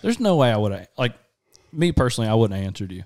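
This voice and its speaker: A man's voice: lowish voice, very animated, fast, a little mellow, soft background music. A man hosting a podcast, recounting a story in a chatty way, laughing often. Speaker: podcast host. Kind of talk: casual chat.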